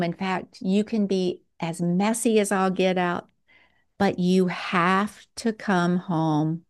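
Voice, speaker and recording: Woman preacher, low-pitched, slow deliberate sermon delivery with dramatic pauses. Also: a little mellow.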